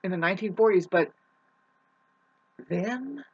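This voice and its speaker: A woman rambling in a spiritual video monologue, excitable and swearing, jumping between loud outbursts and low mutters. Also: a little slow, husky, lo-fi sound. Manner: swears casually, many restarts. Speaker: vlogger.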